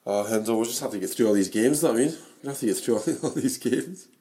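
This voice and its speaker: A Scottish man in his forties talking football and family, lively and quick to laugh. His voice sits fairly low and has a slight hoarseness from wear. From Scotland. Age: 40s. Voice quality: animated, laughing storyteller. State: losing his voice. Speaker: podcast co-host. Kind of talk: casual football chat.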